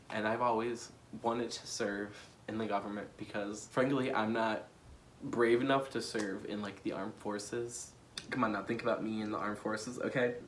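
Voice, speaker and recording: A young American man with a fairly low voice speaks emotionally in a casual vlog, laughing and holding back tears while using plenty of fillers. He is a vlogger and political candidate, and there is slight background noise.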